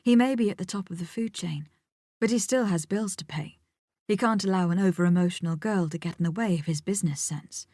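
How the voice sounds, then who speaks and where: A woman narrating an audiobook in the first person, measured and intimate, sometimes dropping almost to a whisper. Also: fairly low pitch, warm tone, no echo, clean studio sound.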